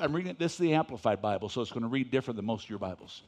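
A man preaching a sermon in church, reading scripture slowly and switching between soft folksy asides and loud emphatic points. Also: mid-range voice, animated. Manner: reads scripture slowly with stress; folksy, talks straight to the congregation. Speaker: pastor.

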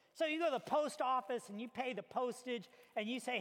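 A man preaching a sermon as a pastor, telling stories with animated acted-out little scenes. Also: very high voice, fairly quick, hardly any pauses. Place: church hall. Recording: reverberant hall.

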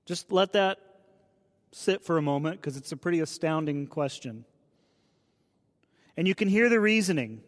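A man's voice: a little high, lively intonation, moderate pace, long pauses. Storytelling male pastor in a reverberant hall. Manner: conversational storytelling, asks the audience questions. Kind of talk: sermon.

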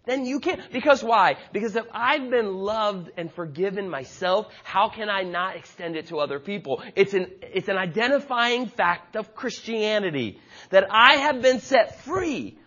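High, lively-voiced male preacher. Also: moderate pace, dull audio. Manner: passionate, emphatic preaching with repetition. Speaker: pastor. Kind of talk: sermon.

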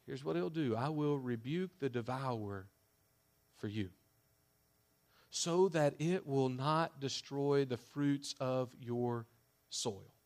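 A man preaching a sermon as a pastor, emphatic, with loud declarations that drop to hushed asides. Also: medium pitch.

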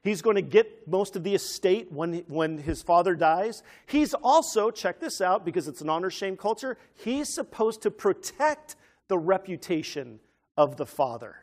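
A man preaching an animated teaching sermon who keeps asking his listeners questions. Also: high voice, moderate pace.

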